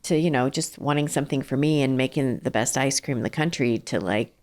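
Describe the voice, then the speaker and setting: A woman's voice: a bass voice, fairly quick, a little mellow. A middle-aged woman, a company founder, talking earnestly in a casual interview with many fillers and restarts. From southern California. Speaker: ice cream company founder and CEO, guest.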